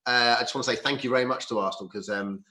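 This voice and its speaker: A male host asking questions briskly and in a friendly way. He talks fast, and his voice is bright and forward. He keeps the interview moving. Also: mid-range voice, steady tone. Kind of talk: interview on a charity livestream.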